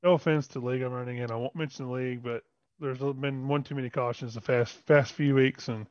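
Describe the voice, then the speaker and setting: A man's voice: medium pitch, steady tone, fast talker, darkish tone, dry recording. Man with a dull, muffled mic. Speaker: podcast co-host and sim racer. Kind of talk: casual racing podcast chat.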